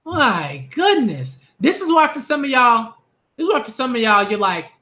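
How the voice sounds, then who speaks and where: A man giving a ranting commentary vlog on manga, animated and exasperated, repeating phrases for emphasis. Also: very high-pitched, a little fast.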